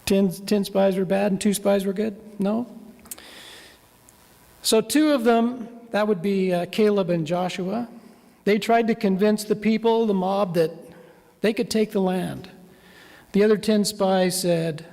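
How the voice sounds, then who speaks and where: A man's voice: high voice, fairly even intonation, unhurried, darkish tone. A male minister preaching a sermon, telling a story in a conversational way and putting questions to the congregation. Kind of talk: sermon with map. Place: church hall. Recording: long reverb of a church hall.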